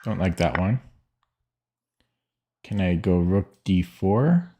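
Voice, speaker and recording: A man's voice: sits low, animated, slow, noisy background. A man streaming chess, thinking aloud in a hesitant, muttering way as he works through puzzles and counts them off.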